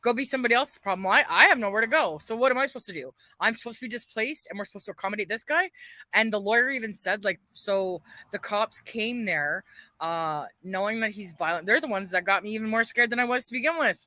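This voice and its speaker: Woman ranting on a phone livestream, angry and bitter, swears constantly, sharp voice, dead dry sound. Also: mid-range voice, expressive, quick pace, no room sound.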